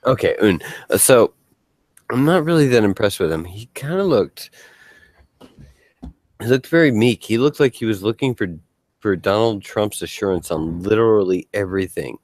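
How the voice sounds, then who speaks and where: A man's voice: lowish voice, lively intonation, moderate pace, darkish tone, no room sound. A man hosting a casual panel chat who tells rambling, joking stories and swears freely.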